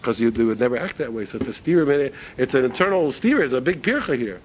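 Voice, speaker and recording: A man's voice: medium pitch, animated, quick pace, a little hiss or hum, rough recording. A man teaching a religious ethics class in a conversational way, asking rhetorical questions and restarting his sentences often. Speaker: Torah teacher.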